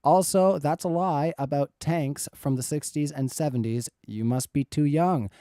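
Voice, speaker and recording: Mellow-voiced man moderating a livestream. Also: on the high side, moderate pace, no room sound, studio quality. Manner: firm, reading viewer questions aloud. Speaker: debate moderator.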